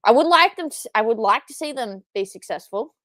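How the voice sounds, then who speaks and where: A young woman reacts live to a match she is streaming, her voice sitting a touch high. She swears freely, yells at the screen and circles back to the same complaints. The sound is close and dead, with no room around it. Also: animated, fairly quick, dry recording. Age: young adult. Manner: frustrated, repeats herself. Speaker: watchalong streamer.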